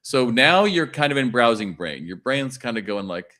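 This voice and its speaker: Lively low-voiced storytelling man. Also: normal speed, few pauses. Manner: animated storyteller acting out dialogue. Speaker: retail consultant and keynote speaker. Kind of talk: podcast guest chat.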